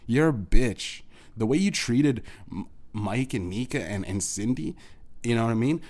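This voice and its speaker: A man's voice: medium pitch, animated, normal speed, darkish tone. Furious, cursing man ranting. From Canada. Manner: heated, profane, repetitive, stumbling restarts. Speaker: podcast host. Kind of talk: angry solo rant to an absent parent.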